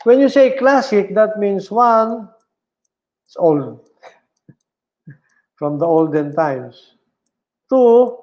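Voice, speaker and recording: A man lectures on philosophy at a slow, careful pace, repeating each term and checking in with his listeners. His voice sits high for a man. The recording is dull and lo-fi. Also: animated, a little mellow. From Philippines. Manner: slow and deliberate, repeating key terms and checking with "all right?". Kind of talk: online lecture.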